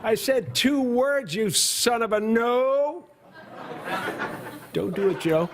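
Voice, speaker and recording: An exasperated macho old politician. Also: male voice, very high-pitched, slow, a crowd in the background, exaggerated voice. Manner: exasperated, energetic. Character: energetic macho older male politician, impression. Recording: live sketch with audience noise.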